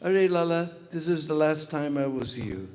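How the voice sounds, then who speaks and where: A man's voice: a little high, expressive, normal speed, a little mellow, big-room sound, a little hiss or hum, voice pushed up, close to an everyday voice. A man voicing an old mother cow who speaks tenderly to her calf.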